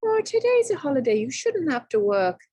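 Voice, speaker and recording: A woman voicing a clever, boastful young farm lad in a read-aloud storybook, in an eager, bright voice. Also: a little high, sing-song, measured pace, husky, dry recording, exaggerated voice.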